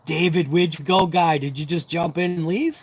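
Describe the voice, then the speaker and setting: Man, high voice, rambling, talkative, self-deprecating, casual livestream host. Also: steady tone, normal speed. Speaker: RC hobby channel host.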